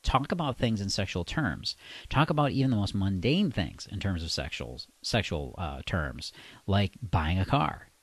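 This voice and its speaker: A man coaching, speaking slowly and deliberately in a deep, resonant voice with long pauses. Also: lively intonation, husky, no echo. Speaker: dating coach. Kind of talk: instructional monologue.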